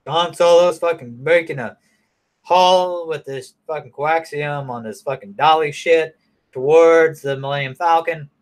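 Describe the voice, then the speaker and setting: A man's voice: fairly high pitch, a little slow. A man casually recapping a movie in a rambling, profane way, full of fillers and restarts. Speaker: movie reviewer.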